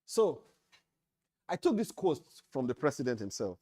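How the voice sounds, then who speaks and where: A man's voice: mid-range voice, very animated, normal speed, mellow. Emphatic Nigerian man giving a training lecture. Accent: Nigerian English. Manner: emphatic, repeats key phrases for stress. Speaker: leadership trainer at an association meeting. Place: meeting hall.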